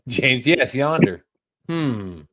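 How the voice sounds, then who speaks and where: A man's voice: medium pitch, animated, slow pace, a bit bright, dry recording. A man, co-hosting a fishing livestream, reading viewer comments aloud in an easygoing way and laughing between them. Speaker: livestream co-host reading chat.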